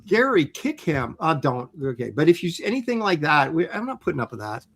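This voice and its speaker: Halting, bantering man co-hosting a stream. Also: on the high side, very animated. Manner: halting with many ums, mock-stern banter. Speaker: co-host reading viewer comments. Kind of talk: casual livestream chat.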